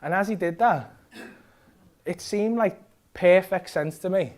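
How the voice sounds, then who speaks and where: High-voiced Scouse stand-up comedian. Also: male voice, unhurried. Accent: Liverpool. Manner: animated, sweary storytelling that acts out other people's lines. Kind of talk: stand-up storytelling. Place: comedy club stage.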